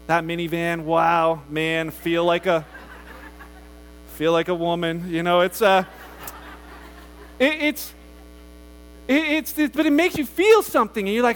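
A man's voice: high-pitched, moderate pace. A man preaching a casual, conversational sermon as pastor, often acting out quoted voices.

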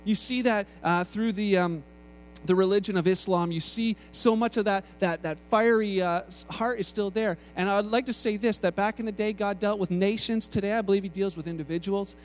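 Man, preacher, high-pitched, casual sermon, halting restarts. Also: a little hiss or hum. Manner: casual, conversational, frequent restarts.

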